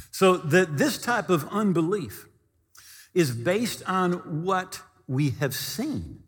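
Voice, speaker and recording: A male pastor preaching a sermon, telling stories with animated delivery and shouting the quoted lines. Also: sits high, slow pace, in a large hall.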